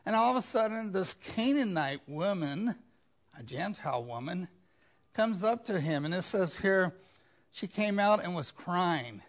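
A man's voice: sits high, animated, a little slow. A man preaching a sermon, retelling scripture in a conversational way and mimicking pleading voices. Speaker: pastor.

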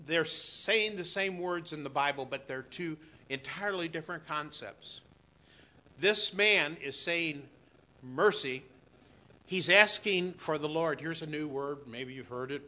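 Pastor guy preaching real slow, bright edgy voice, gets loud then goes quiet. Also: fairly high pitch, animated. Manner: slow, emphatic preaching that swings from loud to hushed. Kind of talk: sermon. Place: church.

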